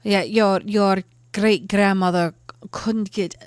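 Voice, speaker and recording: A woman's voice: mid-range voice, slow pace, clear, resonant tone, dry recording, studio quality. A woman with an Irish accent, playing a tabletop role-play game and teasing the others. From Ireland. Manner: playful, teasing, lively banter. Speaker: player.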